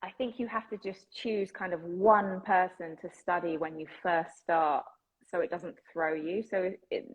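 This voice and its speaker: A woman's voice: lowish voice, narrow, tinny audio. A woman with an English accent, chatting enthusiastically as an actress being interviewed and laughing often. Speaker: actress guest. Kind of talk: casual interview chat.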